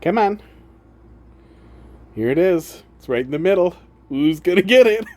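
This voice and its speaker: Chatty man streamer, slightly high voice. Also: expressive, unhurried, darkish tone. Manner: chatty, teasing his pets, laughs often. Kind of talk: casual chat.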